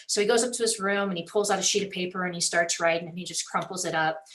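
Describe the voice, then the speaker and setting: A woman's voice: on the low side, steady tone, fast, few pauses, a bit bright, poor audio. A middle-aged woman giving a motivational talk to a group, telling a story and acting out its dialogue. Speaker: speaker at a group meeting.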